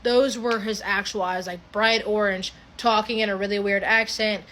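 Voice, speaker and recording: A young adult woman telling a creepy story in a casual, animated way, swearing freely and restarting her sentences often. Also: mid-range voice, moderate pace, slight background noise.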